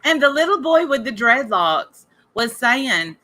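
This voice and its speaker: A woman's voice: sits high, sing-song, a little slow, hardly any pauses, bright, forceful tone. A woman hosting a casual talk show, rambling and gossiping to listeners while sick with a cough. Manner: rambling, chatty, addresses listeners directly. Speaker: podcast host.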